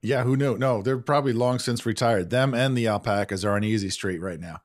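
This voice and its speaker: A man's voice: mid-range voice, brisk. A man hosting a podcast, explaining things in a chatty, self-deprecating way. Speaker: podcast host. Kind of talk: conversational podcast banter.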